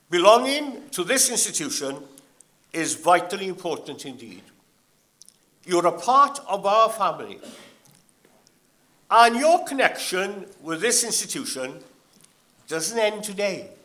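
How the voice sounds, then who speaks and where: An older man giving a graduation address in a slow, measured and anecdotal manner. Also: high voice, sharp tone. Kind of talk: ceremonial speech.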